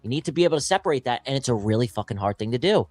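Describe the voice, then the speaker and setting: A man's voice: medium pitch, big pitch swings, racing, darkish tone, no echo, faint music behind. Blunt, swearing young man talking trading. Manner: blunt, swears freely, emphatic. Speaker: guest trader. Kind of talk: casual livestream chat.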